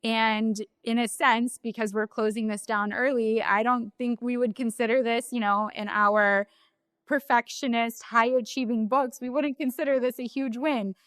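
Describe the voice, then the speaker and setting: Earnest higher-voiced woman co-host. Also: fairly even intonation, normal speed, a bit bright, dry recording. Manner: earnest, reflective. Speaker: podcast co-host. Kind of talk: casual chat. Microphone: remote recording.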